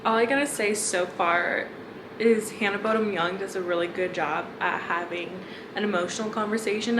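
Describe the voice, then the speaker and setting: A young woman chatting casually in a reading vlog, gushing and emotional about a book, quick to laugh. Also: fairly low pitch. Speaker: book vlogger. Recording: echoey room with background noise.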